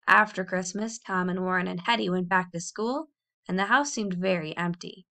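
A woman reading a children's novel aloud in a clear, expressive storytelling voice. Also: mid-range voice. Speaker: audiobook reader.

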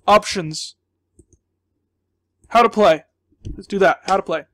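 A man's voice: sits high, takes it slowly, long pauses, a bit bright, no room sound. A man giving let's play commentary, flustered and jumpy, thinking aloud and exclaiming often, then dropping to a mutter. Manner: drops to a mutter between outbursts. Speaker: gaming channel host.

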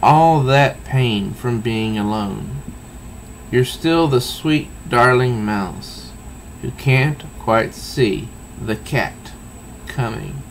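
A man voicing a sultry, cunning female cat burglar from a comic book, drawn-out and teasing. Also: mid-range voice, vocal fry, a little hiss or hum, rough recording. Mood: taunting.

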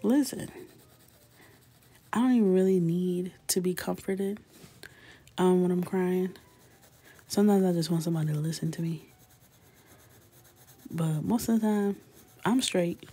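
Soft-spoken woman chatting while coloring. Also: lowish voice, unhurried, long pauses, slightly rough. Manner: soft-spoken, often drifting into a whisper; chatty and laughing, answers viewer comments. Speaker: coloring livestream host. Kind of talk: casual chat while coloring, live stream.

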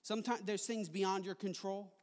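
A man preaching a sermon in a chapel, impassioned, moving between soft stretches and loud ones. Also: high voice, steady tone, normal speed. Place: large chapel hall. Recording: long hall reverb.

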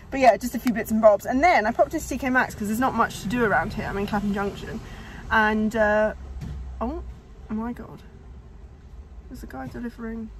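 Against a noisy background, a young woman with a medium-pitched voice vlogs casually, speaking straight to the camera and somewhat short of breath. She rambles first indoors at home, then later in a parked car.

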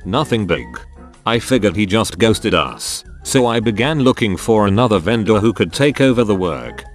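A man with a lowish voice reads forum stories in a scripted narration. His delivery swings up and down in pitch. Soft music plays underneath. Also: expressive, normal speed. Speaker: narrator reading forum posts.

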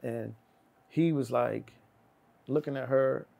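This is a middle-aged man with a gravelly, creaky voice, spinning an anecdote in a relaxed chat. He acts out the other people's lines himself and jumps loud and high in pitch as he does. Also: takes it slowly, phone-quality sound. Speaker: guest. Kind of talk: animated storytelling in casual chat.

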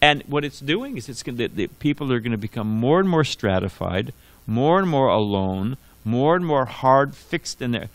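Animated man giving a rambling scripture class. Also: medium pitch, normal speed, no echo. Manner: conversational, digressive storytelling with restarts. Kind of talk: sermon. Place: temple hall.

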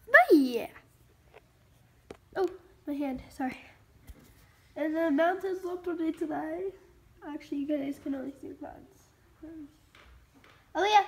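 A female vlogger at home chatting to her handheld camera, excitedly calling out to a baby and giggling. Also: sits high, a little slow, pauses often, a little hiss or hum. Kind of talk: casual home vlog.

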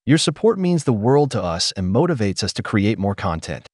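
A man narrates scripted commentary in a mocking, sardonic tone. His pitch moves lively up and down over a very dry, close recording. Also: moderate pace, dry recording. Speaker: channel commentator.

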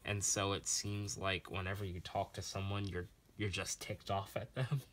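A man's voice: sits low, little pitch movement, moderate pace, a bit bright, a little hiss or hum. A man vlogging as he draws, recorded on a phone, chatting in a rambling, self-deprecating way with a voice that sounds sarcastic. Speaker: artist vlogger drawing on camera. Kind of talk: casual rambling chat while drawing.

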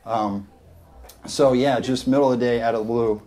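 A young man doing a stand-up comedy set on a club stage, rambling deadpan with lots of fillers. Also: medium pitch, moderate pace.

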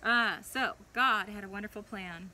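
Bright, animated woman storyteller. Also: mid-range voice, unhurried, slight background noise, poor audio. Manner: animated storyteller, playful and lively. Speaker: preschool chapel leader. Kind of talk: reading a Bible story to young children.

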